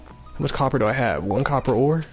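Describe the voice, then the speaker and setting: A gaming streamer offers playful let's-play commentary, thinking aloud and repeating himself over a dull lo-fi mic with faint game music behind him. His medium-pitched voice has lively intonation and a fairly quick pace.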